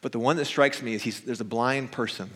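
A man's voice: medium pitch, brisk, fairly bright tone, breathy edge. A male pastor giving a conversational sermon that builds to emphatic preaching, often tagging "right?". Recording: reverberant church hall.

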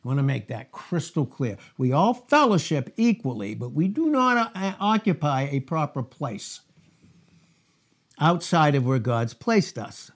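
A man's voice: a little high, sing-song, unhurried, breathy edge. A man preaching a verse-by-verse sermon, reading scripture aloud and breaking off into asides and rhetorical questions. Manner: reads scripture aloud in King James phrasing. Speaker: pastor. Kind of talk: expository sermon.

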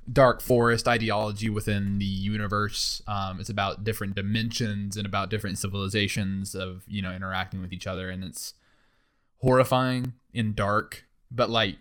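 Male podcast co-host, young adult, slightly low voice, rambling and excitable. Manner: rambling, excitable storytelling with many fillers. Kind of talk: casual chat. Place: in person in a shared room.

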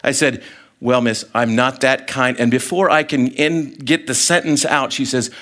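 Middle-aged man, guest preacher, loose storytelling sermon, middling pitch, lively, stumbles and restarts. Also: moderate pace. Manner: animated storyteller, acts out voices, many fillers. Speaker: guest speaker.

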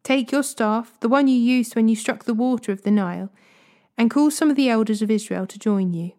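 A woman reading Bible passages aloud in a steady, measured way. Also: a little high. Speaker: Bible reader. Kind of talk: scripture reading.

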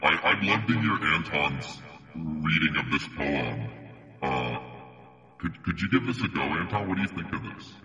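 A man's voice: very deep voice, expressive, normal speed, sharp tone, big-room sound, soft background music. A man hosting a podcast in casual chat over a video call, playful and laughing often.

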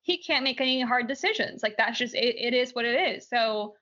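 Bright-voiced woman with a slight Southern accent. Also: on the high side, brisk. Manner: chatty, laughs often, opinionated. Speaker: podcast co-host. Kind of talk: casual news chat. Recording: dull lo-fi podcast audio.

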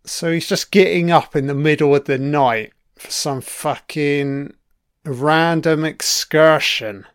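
A man's voice: a little high, fairly even intonation, slow, clear, resonant tone, dry recording, studio quality. A man giving a casual, profane commentary while watching a TV series, chatty and reacting as he goes. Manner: sweary, chatty, reacting to the screen.

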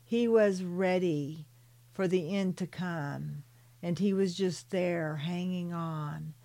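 An older woman reads her own spiritual story in a soothing voice, stopping for gentle personal asides to the listener. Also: on the low side, vocal fry. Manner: slow and soothing, calls listeners "beloved". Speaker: author and spiritual channeler.

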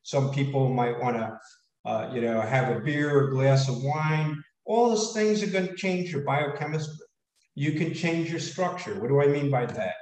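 A man giving an animated motivational talk to an audience, with frequent fillers. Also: medium pitch, normal speed, echoey room, distant mic, rough recording. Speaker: speaker.

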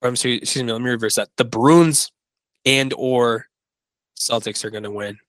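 Talking sports bets on a laid-back podcast, this male co-host wanders and backtracks while running through his picks. He speaks at normal speed in a medium pitch with a fairly bright tone, captured dry on poor-quality audio.

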